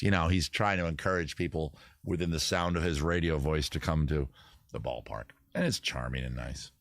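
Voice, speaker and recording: A man hosting a casual live stream, rambling and joking at a close tabletop boom mic. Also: normal speed, fairly bright tone, dry recording. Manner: rambling, jokey, self-interrupting. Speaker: host.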